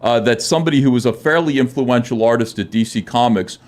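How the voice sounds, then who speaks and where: A man's voice: mid-range voice, fast, darkish tone. A man, a comic book artist and podcast guest, telling a personal story casually with many filler words and restarts, earnest and self-deprecating.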